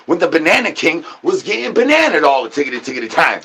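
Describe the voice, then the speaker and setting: A man's voice: a little high, sing-song, quick pace, hardly any pauses, sharp tone, a little hiss or hum. A man hosting a livestream, rambling to his chat in absurd slangy patter full of repeated catchphrases. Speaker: livestream host.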